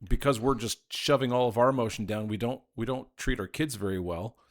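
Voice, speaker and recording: A man in his forties co-hosting a casual chat, thoughtful and measured, with frequent "you know"s. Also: medium pitch. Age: 40s. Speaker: podcast co-host.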